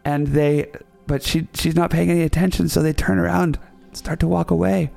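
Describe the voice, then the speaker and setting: Man, podcast host, comic storytelling, rambling, playful, dark mellow voice. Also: fairly high pitch, fairly even intonation, normal speed, vocal fry, soft background music. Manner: rambling, self-correcting, playful.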